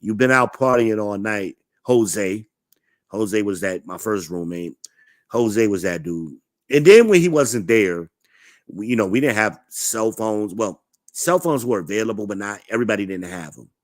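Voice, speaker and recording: A man's voice: on the low side, expressive, moderate pace, no room sound, studio quality. A man in his forties telling blunt, profane stories in a laid-back, casual vlog monologue. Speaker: vlogger.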